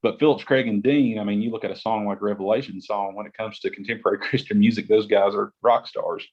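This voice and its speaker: A man's voice: lowish voice, steady tone, quick pace, darkish tone, slightly rough, muffled recording. A man from West Virginia, a gospel singer, talking casually as a podcast guest and rambling with lots of restarts. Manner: rambling, restarts often, says "like" a lot. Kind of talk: casual interview chat.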